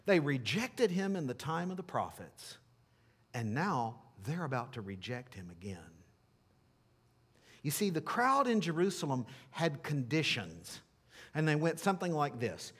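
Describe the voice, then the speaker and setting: A man pastor preaching a sermon and leading a closing prayer, emphatic, swinging from loud declarations to hushed lines. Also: a little high, big pitch swings, unhurried, husky.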